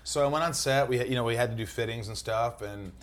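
A man, an actor and guest, in casual chat, telling animated stories. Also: medium pitch, fast. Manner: animated storyteller, slips into impressions.

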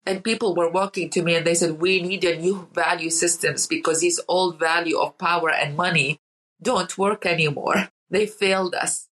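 An interview guest from Iraq, a woman with a low-side, slightly bright voice, tells emotional stories in conversation, repeating words for emphasis. She sounds near tears, and the audio quality is poor.

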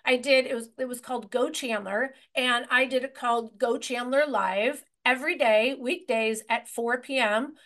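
A woman's voice: a little high, moderate pace, hardly any pauses. A woman in her forties, a real estate agent, telling her story in an interview with lots of restarts and energy. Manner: energetic and rambling, many restarts.

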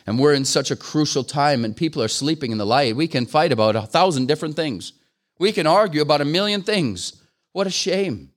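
An older man preaching a sermon, earnest and pleading, pressing his listeners with questions that rise into fervent appeals. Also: mid-range voice. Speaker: guest preacher.

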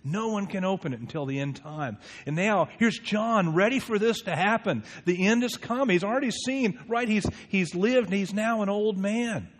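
Man, pastor preaching, earnest, slightly high voice, long church reverb. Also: normal speed, few pauses. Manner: earnest, questioning, varies from hushed prayer to animated. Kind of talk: sermon.

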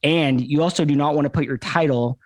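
A man's voice: a little high, a little fast, darkish tone, no room sound. A man co-hosting a podcast in casual talk, using many fillers like "uh" and "um". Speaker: podcast co-host.

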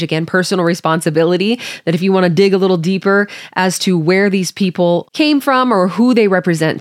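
Woman, low-pitched, Bible study host, reads scripture with friendly commentary, dry close recording. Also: no echo. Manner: friendly, explaining her study tools to listeners.

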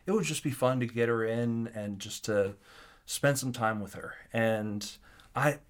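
A man telling a story as an interview guest, animated and acting out the quotes, with frequent restarts. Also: medium pitch, measured pace. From Kansas City area.

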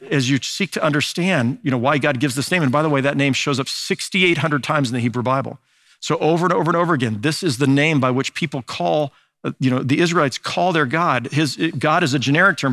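A man's voice: mid-range voice, a bit bright, no room sound, studio quality. A man preaching a sermon as a pastor, in a conversational teaching manner with frequent fillers and restarts.

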